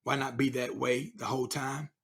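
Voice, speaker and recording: A man coach talking, telling lively stories in conversation and acting out both sides of the dialogue. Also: mid-range voice, normal speed, vocal fry. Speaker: guest speaker and coach. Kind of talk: animated storytelling in conversation.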